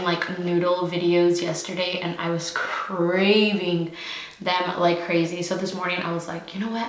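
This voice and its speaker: A woman's voice: fairly low pitch, reverberant, low-quality recording. Chatty breathless young woman vlogger. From California. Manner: chatty, slangy, eating while talking. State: out of breath, pregnant. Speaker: YouTube host. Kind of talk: casual mukbang chat.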